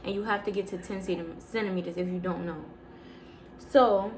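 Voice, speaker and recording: Animated woman telling a vlog story. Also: medium pitch, brisk, a little hiss or hum. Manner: animated, emphatic, repeats words. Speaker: vlogger. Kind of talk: casual storytelling to camera.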